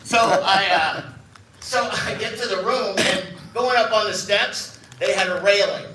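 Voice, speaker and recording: A man's voice: sits high, a little slow, background noise. A man in his fifties giving a chatty, self-mocking keynote to a live audience, acting out the dialogue in his stories. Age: 50s. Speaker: keynote speaker. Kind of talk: storytelling speech to a live audience. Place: event hall. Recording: echoey hall from a distance.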